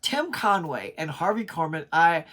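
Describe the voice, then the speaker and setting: A man's voice: on the high side, sing-song, normal speed, pushed and bright. A middle-aged man hosting his pop culture channel, talking in a chatty, enthusiastic way with frequent restarts. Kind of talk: casual video review.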